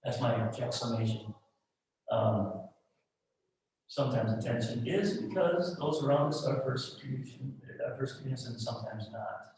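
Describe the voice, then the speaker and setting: A middle-aged male pastor preaching a sermon in a church, talking frankly and conversationally, dropping to soft asides and rising to loud emphatic peaks. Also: mid-range voice, expressive, moderate pace. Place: church sanctuary. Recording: roomy echo, mic at a distance.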